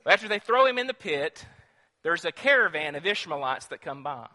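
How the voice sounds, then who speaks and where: A man preaching a sermon in a church, telling a story in an animated way, acting out voices and putting questions to the congregation. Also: on the high side, moderate pace. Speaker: pastor. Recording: long reverb in a church hall.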